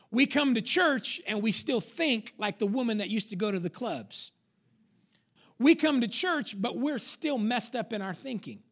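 A male pastor preaching a sermon with emphatic repetition, sometimes acting out an inner voice. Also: sits high. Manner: emphatic preaching, repeats lines for stress, acts out inner voices.

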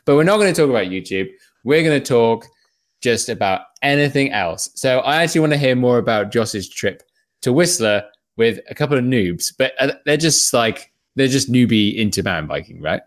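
Brief: English man, podcast host, jokey banter, middle pitch. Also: expressive. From England. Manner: joking, quick banter with laughs. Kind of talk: casual podcast chat.

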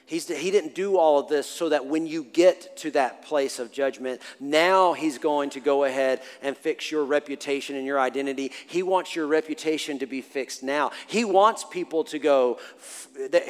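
A man's voice: on the high side, moderate pace, few pauses. Preaching man in a reverberant hall. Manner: animated, swings from hushed to loud laughing. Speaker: pastor. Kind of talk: sermon with a personal story. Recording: long hall reverb with faint music.

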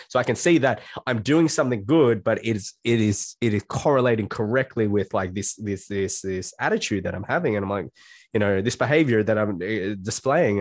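Blunt low-voiced male life coach. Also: no echo, studio quality. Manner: blunt, swears freely, acts out quoted self-talk. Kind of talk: casual podcast conversation.

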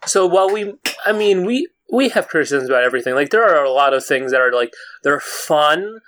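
A man's voice: on the high side, lively intonation, fairly quick, fairly bright tone, a little hiss or hum. A man co-hosting a podcast, talking bluntly with casual swearing. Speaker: podcast co-host. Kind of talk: casual chat.

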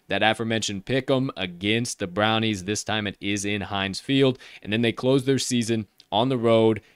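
A man hosting a sports betting podcast, rattling off point spreads in energetic, profane casual chat. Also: fairly low pitch, clear, resonant tone, no echo, clean studio sound. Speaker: podcast host.

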